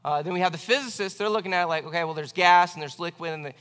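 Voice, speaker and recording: A man's voice: on the high side, racing, a bit bright, clear, resonant tone, big-room sound. A man preaching a sermon as pastor, earnest and conversational, often restarting his phrases.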